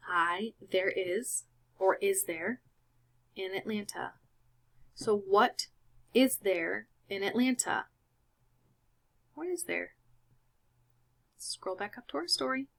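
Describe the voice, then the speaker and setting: Patient woman teaching slowly. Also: medium pitch, fairly bright tone. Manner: patient, explains step by step. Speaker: Spanish teacher. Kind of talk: screen-recorded lesson walkthrough.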